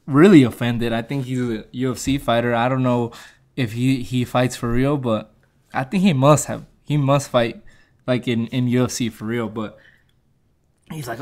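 A man's voice: medium pitch, steady tone, a little fast. A man casually reviewing a movie, retelling the plot in a rambling way, laughing and correcting himself as he goes.

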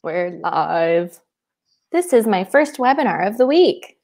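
A woman's voice: mid-range voice, very animated, takes it slowly, darkish tone. A woman in her twenties from Seattle co-hosting a casual live webinar, chatty and giggly, trailing off with fillers. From Seattle, USA. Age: 20s. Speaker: webinar co-host.

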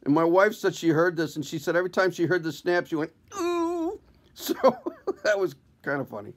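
Brief: male comedian, self-deprecating storyteller, slightly high voice, casual. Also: fast talker. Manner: wry, conversational, self-deprecating. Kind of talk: comic personal storytelling to camera.

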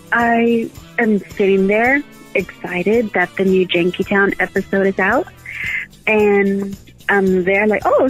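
A woman's voice: medium pitch, poor audio. A woman caller leaving a playful, mock-angry voicemail for a podcast. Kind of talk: chatty voicemail.

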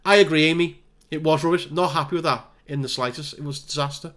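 A man giving exasperated, animated play-by-play while playing a football management game. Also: on the high side, fast. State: hay fever. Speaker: gaming YouTuber. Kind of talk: live game commentary.

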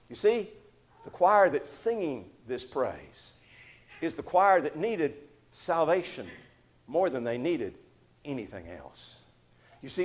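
A man preaching with a high, animated voice that climbs and drops across a wide range. He reads Scripture slowly and builds his points to near shouts, in the rhythm of a Baptist sermon. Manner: dramatic preaching, slows for Scripture, swells to shouting. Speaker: pastor.

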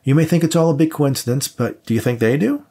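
A man's voice: fairly high pitch, fast, warm tone, pitched above the performer's own voice. A man voicing an agitated male police detective who insists on protecting his partner. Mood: insistent. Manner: insistent, pressing.

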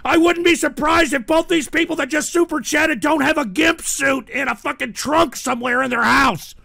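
A sick man hosting a livestream talk show, exasperated, swearing and shouting at trolls. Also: very high voice, normal speed, gravelly, few pauses, no room sound. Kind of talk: casual livestream rant.

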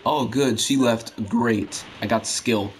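A man's voice: mid-range voice, slow pace. A young man giving casual gameplay commentary, rambling, swearing and freestyle rapping as he plays. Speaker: gaming channel host. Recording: noticeable background noise.

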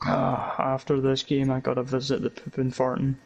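Young male gamer, laid-back, gravelly, headset call sound. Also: medium pitch, monotone, moderate pace, muffled recording. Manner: laid-back, chuckling, crude jokes. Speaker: gaming co-host. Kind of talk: casual gaming commentary.

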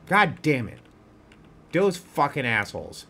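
A man's voice: on the high side, wildly swooping pitch, gravelly, bright, forceful tone. A man playing a video game and commenting, joking around and then swearing furiously at enemies. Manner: profane, quick to rage, swearing at enemies; joking, laid-back banter. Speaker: gaming streamer. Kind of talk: let's play commentary.

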